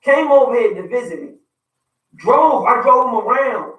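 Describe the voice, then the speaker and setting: A man's voice: very high voice, expressive, normal speed, sharp tone, echoey room, recorded from a distance, rough recording. A man with a Baltimore accent co-hosting a radio talk show, speaking passionately and building to emphatic points like a preacher. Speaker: radio show co-host and youth mentor.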